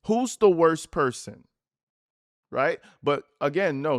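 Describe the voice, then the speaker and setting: A man's voice: a little high, lively intonation, unhurried, dry recording, clean studio sound. A man hosting a commentary channel, reacting to interview clips in a mocking, profane way. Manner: mocking, profane, reads text messages in put-on voices.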